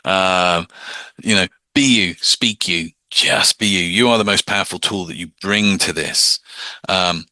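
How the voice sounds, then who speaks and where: A man's voice: deep voice, measured pace, sharp tone, dry recording. A man teaching hypnosis in a casual, plain-spoken lecture, often slipping into mock voices to show a point.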